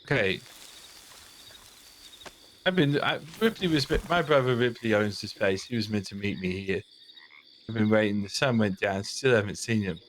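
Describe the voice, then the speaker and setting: A man's voice: lowish voice, normal speed, long pauses, a little hiss or hum, lightly acted. Give me a man playing a nervous, wary stranger in a game roleplay. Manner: hesitant and wary. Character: nervous man waiting for his brother.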